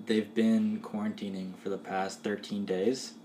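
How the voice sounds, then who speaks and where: A fairly low-voiced man co-hosting a casual podcast, laughing and dropping into quick quoted voices as he talks. His voice carries a roomy echo, with faint ambient hiss underneath. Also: little pitch movement, mellow. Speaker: podcast co-host and game master. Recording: roomy echoey room.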